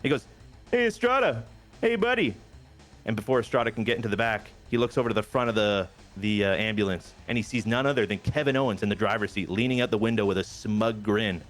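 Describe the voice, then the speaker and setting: Guy with a lowish voice narrating his wrestling game save, animated, faint music behind. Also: quick pace, few pauses. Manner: animated storyteller, briefly acting out wrestlers' lines. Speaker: game show host narrating a wrestling sim. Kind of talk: casual narrated commentary.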